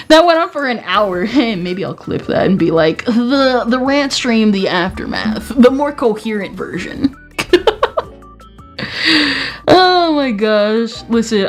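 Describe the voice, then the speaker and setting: A young woman streamer with a slight Southern twang, chatting casually and laughing often, sometimes stuttering and restarting. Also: medium pitch. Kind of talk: casual chat.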